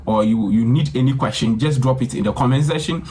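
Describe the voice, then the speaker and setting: A man's voice: medium pitch, a little fast, darkish tone, a little hiss or hum. Casual man walking through a tutorial. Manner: casual, repetitive, keeps addressing viewers as guys. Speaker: tutorial host. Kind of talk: screen-recorded software tutorial.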